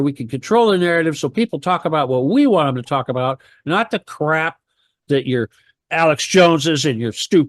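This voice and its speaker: A man's voice: on the high side, no room sound, clean studio sound. A man talking on a radio talk show, rambling and heated, firing off rhetorical questions.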